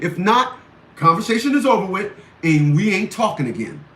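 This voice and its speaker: This is ranting commentary from a male host whose high voice swings widely in pitch, with a fairly bright tone and a moderate pace. He's blunt and combative, hammering his points through repetition, in a room with noticeable echo and a little background noise.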